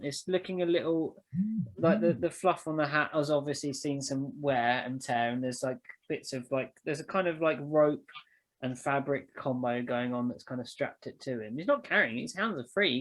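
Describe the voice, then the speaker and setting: A man running a tabletop game as game master, describing scenes in a loose, relaxed way. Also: medium pitch, normal speed, low-quality recording. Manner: relaxed, descriptive, filler-heavy.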